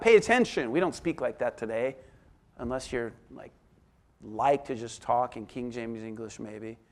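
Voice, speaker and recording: A man preaching a sermon as pastor, reading scripture and explaining it, moving between emphatic exclamations and soft, hushed asides. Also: a little high.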